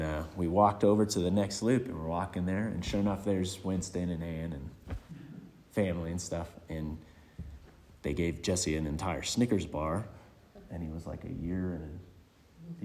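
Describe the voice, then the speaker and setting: Low-voiced man giving a reflective eulogy. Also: steady tone, darkish tone, a little hiss or hum. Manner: reflective and hesitant, many pauses. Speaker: speaker at a memorial. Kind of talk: eulogy with personal anecdotes. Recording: long hall reverb.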